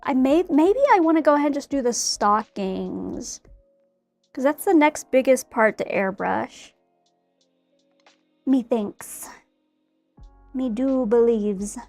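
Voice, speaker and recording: A woman's voice: high-pitched, expressive, measured pace, gravelly, a little mellow, dry recording, soft background music. A young woman chatting casually in a bubbly, rambling way while she paints a figure. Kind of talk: casual chat while crafting.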